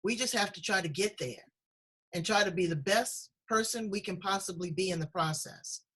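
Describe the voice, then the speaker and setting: A woman's voice: medium pitch, normal speed, a bit bright, husky, poor audio. A woman hosting a casual chat show over a video call, effusive and encouraging, speaking with strong emotion. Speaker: host.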